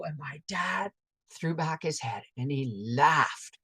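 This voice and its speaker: Woman host, deep low voice, rambling, frank and salty, chatting with live viewers. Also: animated, normal speed, a bit bright, slightly rough. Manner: rambling and frank, peppered with swears and laughter; greets viewers and reads out chat comments between stories. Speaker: homestead channel host on a livestream. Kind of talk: casual livestream storytelling.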